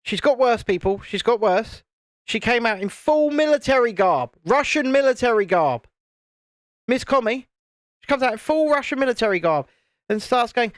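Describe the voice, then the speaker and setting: A man's voice: extremely high pitch, lively intonation, normal speed, dry recording, clean studio sound. A man from the United Kingdom hosting a casual live stream, joking and reading out viewer comments while building. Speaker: YouTube channel host.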